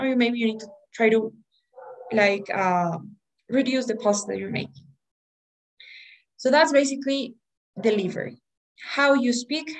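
Woman, teacher, online class, explanatory, fairly high voice. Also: poor audio. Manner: explanatory, asks "right?" often. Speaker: English test prep teacher.

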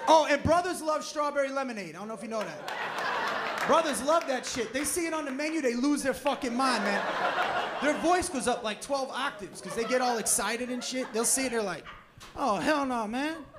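Male stand-up, brash and profane, high voice, noisy club mic. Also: lively intonation, a little fast. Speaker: stand-up comedian. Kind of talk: live stand-up comedy. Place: comedy club stage in New York. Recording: noisy live club recording.

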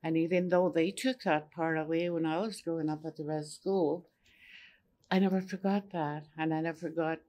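An older woman whose first language is Cree tells a personal story as an elder on a panel. She speaks gently and unhurriedly and often repeats phrases. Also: low voice. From Saskatchewan, Canada.

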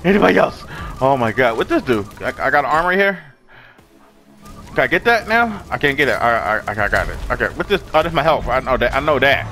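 Over background game music, a man streams his first playthrough of a game in a mid-range voice that is brisk, very animated, pushed and bright. His let's-play commentary is hyped and profane, full of trash talk and repeated words.

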